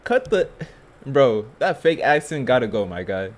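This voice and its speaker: A man's voice: mid-range voice, big pitch swings, normal speed. Slangy, blunt young man reacting. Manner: slangy, keeps tagging lines with "feel me"; blunt, scornful. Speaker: YouTube reaction host. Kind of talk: casual reaction commentary.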